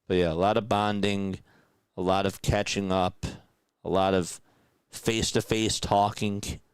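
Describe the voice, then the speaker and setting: A young man streaming casual radio-style play-by-play, chatting with viewers in a relaxed way between calls. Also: low voice, a little slow, clean tone, no room sound.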